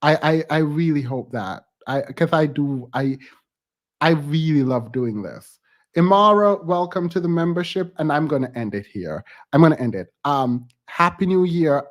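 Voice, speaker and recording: A man hosting a live stream, touched and thankful, halting and close to tears as he signs off with casual talk. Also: fairly high pitch, animated.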